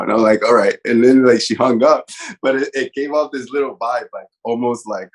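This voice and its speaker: A man from New Jersey, a podcast guest in casual chat, halting and repeating words, quick to giggle. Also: mid-range voice, steady tone.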